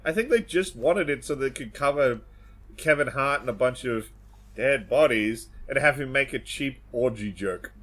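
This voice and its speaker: A man's voice: mid-range voice, expressive, normal speed, fairly bright tone. A man co-hosting a casual podcast, talking bluntly and swearing freely. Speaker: podcast co-host.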